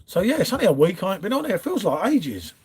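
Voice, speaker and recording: A fairly high-voiced man chatting through a live stream from home, greeting viewers one by one with easy matey banter. He talks loosely and cheerfully, calling everyone mate and fella. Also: big pitch swings, fast, noisy background. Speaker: livestream host reading viewer chat. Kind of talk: casual live chat. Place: home, pub-style setup.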